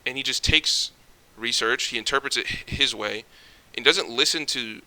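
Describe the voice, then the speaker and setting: A man's voice: medium pitch, moderate pace, bright, forceful tone. A young man ranting casually to camera, jittery and stumbling over his words, swearing often. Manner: swears often, rambling restarts. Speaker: vlogger.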